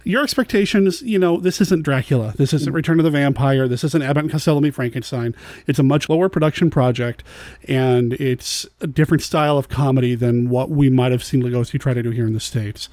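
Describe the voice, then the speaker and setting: A man co-hosting a podcast, speaking in a measured way about a film and addressing listeners directly. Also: mid-range voice, darkish tone, no echo. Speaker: podcast co-host. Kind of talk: casual film discussion.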